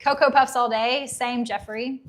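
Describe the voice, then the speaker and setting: A woman in her thirties, casually chatting on a live unboxing stream, reading viewer comments aloud with nostalgic enthusiasm, her voice getting a little hoarse. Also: on the high side, fairly even intonation, a little slow. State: losing her voice. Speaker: livestream host.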